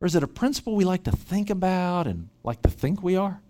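A man delivering a sermon to a retreat gathering. His pitch sits somewhat high and moves a great deal, rising and falling as he presses each point. He stumbles over and repeats opening words as he goes. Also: brisk. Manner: animated, repeats words when starting a thought. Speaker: pastor. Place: church retreat session.

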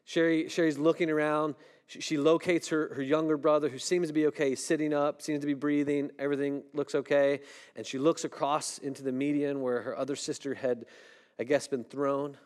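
A middle-aged man preaching a sermon in a conversational way, often asking "right?" and dropping his voice low and soft when a story turns tense. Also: level tone, fairly quick. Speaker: pastor.

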